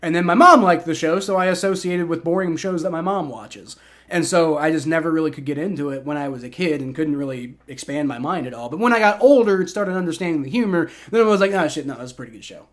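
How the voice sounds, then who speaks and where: A fast talker with a fairly high, somewhat bright voice, this man in his twenties is hosting a livestream. He rambles through live play-by-play and casual chat reactions, repeating words and using lots of fillers.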